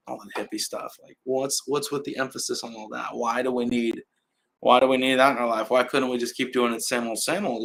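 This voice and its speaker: A man's voice: medium pitch, bright, forceful tone, low-quality recording. A young man, hosting a casual live stream and rambling loosely with fillers and trailing laughs. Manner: many fillers and restarts.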